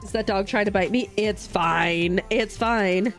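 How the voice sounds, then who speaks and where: A woman's voice: medium pitch, measured pace, gravelly, soft background music. A young woman hosting a live craft stream, chatting casually and rambling to her chat while she stitches, recorded at home on a desk mic. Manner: bubbly, rambling, reads and answers chat. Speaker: livestream host.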